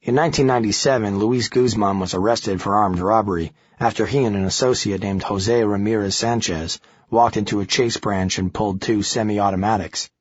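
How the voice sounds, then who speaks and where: A man narrates a first-person thriller in a steady, gritty way. His voice is low and husky. The sound is dry and slightly dull, like a lo-fi recording. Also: fairly quick, few pauses, no echo. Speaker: audiobook narrator.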